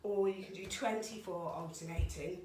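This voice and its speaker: A woman's voice: fairly low pitch, normal speed, a little mellow, roomy sound, a little hiss or hum. A woman leading a home workout as a fitness instructor, counting reps aloud and getting out of breath as she exercises along. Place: home room.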